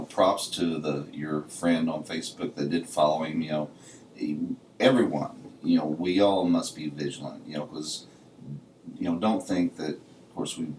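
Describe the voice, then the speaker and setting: A man with an extremely low, darkish voice co-hosts a podcast, telling stories in a laid-back chat and saying "you know" all the time. There's a little hiss or hum, and the mic sits far off in an echoey room.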